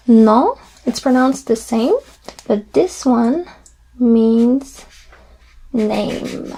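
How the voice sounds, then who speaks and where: A woman in a whispered role-play as a French teacher, soft-spoken and patient, repeating each word slowly. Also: a little high, husky.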